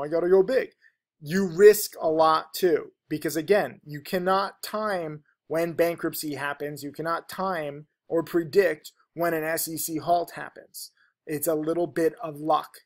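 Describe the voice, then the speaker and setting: A man giving a casual, unscripted trading lesson, talking rapidly and rambling, with lots of fillers and restarts. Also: on the high side, a little mellow. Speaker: stock trading teacher.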